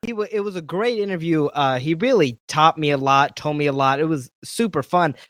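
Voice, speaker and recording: A man's voice: on the high side, brisk, fairly bright tone, no room sound, clean studio sound. A man hosting a casual interview and asking questions in an easygoing, conversational way. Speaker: podcast interviewer.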